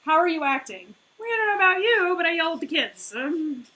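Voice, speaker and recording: A woman in her thirties with a high voice gives a casual coaching talk. She speaks conversationally, leans on fillers and keeps checking in with "right?" and "all right?". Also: very animated, fairly quick, bright, forceful tone, low-quality recording. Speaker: business owner and life coach.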